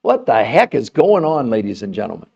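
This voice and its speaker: A man's voice: mid-range voice, huge pitch swings, a little fast, creaky, a little mellow, breathy edge, dull audio. A man hosting a live health stream, talking with indignation, laughing in disbelief and firing rhetorical questions at his viewers. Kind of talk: heated livestream monologue.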